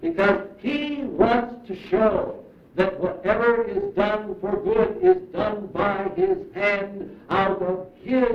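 A man preaching a sermon in an earnest, emphatic manner, slowing down to stress key phrases. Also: high-pitched. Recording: roomy, distant, muffled recording.

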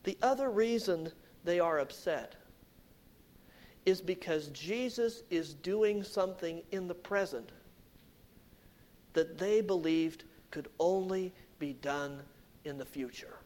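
Slow, high-voiced male preacher. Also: lively intonation. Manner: swings from hushed low phrases to loud emphatic rises. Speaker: pastor. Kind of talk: sermon.

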